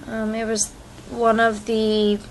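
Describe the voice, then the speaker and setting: With a highish voice and a completely flat delivery, a young woman slowly chats in a home vlog recorded on her phone. Her cat is around, her allergies are flaring, and her eyes itch as she rambles. The audio is very noisy.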